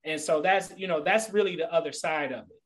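A middle-aged man speaking as a podcast guest, sitting a little higher in pitch than most men. He tells stories with animation and lands his points in an earnest, motivational way. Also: fairly quick, rough recording. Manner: animated storyteller. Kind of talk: casual podcast chat.

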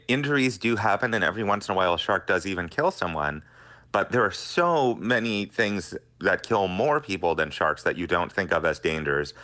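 Middle-aged male scientist guest, low voice, forceful bright delivery, earnest explainer. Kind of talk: radio interview answers.

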